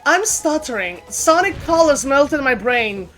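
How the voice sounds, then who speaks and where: A woman with a slightly high voice chats casually on her game stream. She talks freely, often trips over her words and starts her sentences over. Faint game music plays under her voice. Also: moderate pace, a bit bright. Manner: chatty, laughing, stumbling restarts. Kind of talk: casual gaming stream chat. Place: home streaming setup.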